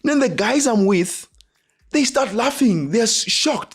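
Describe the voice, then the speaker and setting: Man, south african accent, casual motivational talk, acts out quotes, very expressive pitch. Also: moderate pace, husky, faint music behind. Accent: South African English. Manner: animated, acts out dialogue with rising pitch. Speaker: host.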